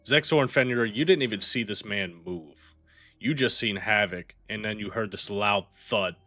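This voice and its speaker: A man's voice: on the low side, normal speed, sharp tone, no echo, faint music behind. A man running a tabletop game as game master, narrating casually with lots of "like".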